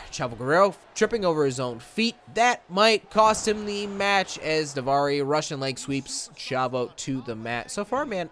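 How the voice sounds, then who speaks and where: A man's voice: on the high side, fairly bright tone, slight background noise. A young man from Michigan casually commentating a wrestling video game, rambling and slipping into goofy voices. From Michigan, USA. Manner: rambling, self-interrupting, slips into goofy voices.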